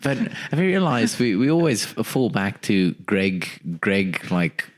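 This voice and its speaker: A man's voice: lowish voice, very animated, a little slow. A man co-hosting a podcast, playful and a bit hesitant, laughing along with his partner. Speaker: podcast co-host. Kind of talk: casual comedic chat.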